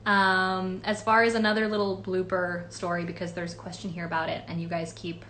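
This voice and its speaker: A woman's voice: lowish voice, flat delivery, a little fast, a bit bright, a little hiss or hum. A woman voice actress answering fan questions in a casual livestream, chatty and rambling with many fillers. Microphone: phone or webcam livestream.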